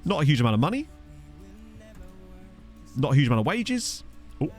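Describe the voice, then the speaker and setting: A young man giving casual, joking commentary over a football management game, reacting with quick exclamations. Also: on the high side, sing-song, faint music behind. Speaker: gaming video host. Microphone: desk USB microphone.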